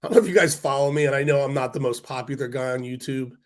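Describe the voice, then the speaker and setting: A man's voice: medium pitch, racing. Man, livestream host, congested and losing his voice, rambling, blunt, swears casually. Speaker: stock market livestream host. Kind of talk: casual livestream rant to viewers.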